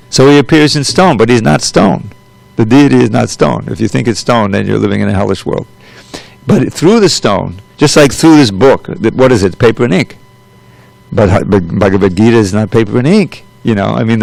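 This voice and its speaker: Gravelly-voiced man giving a scripture class. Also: medium pitch, darkish tone, dry recording, poor audio. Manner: conversational, loose asides with frequent "you know". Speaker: temple class speaker. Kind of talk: scripture reading and lecture.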